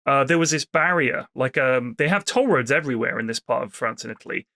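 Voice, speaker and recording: A man's voice: mid-range voice, gravelly, no room sound, studio quality. A man from the UK co-hosting a podcast, telling holiday stories in casual chat, swearing freely and acting out the people he met. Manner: animated, swears freely, acts out people in anecdotes. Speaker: podcast co-host.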